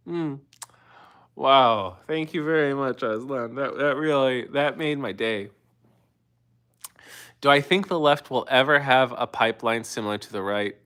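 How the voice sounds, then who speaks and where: Speaking a little slowly with long pauses, this livestream host has a mid-range, fairly bright voice recorded cleanly. He's a man in his thirties answering chat in a loose, casual way, rambling with plenty of restarts.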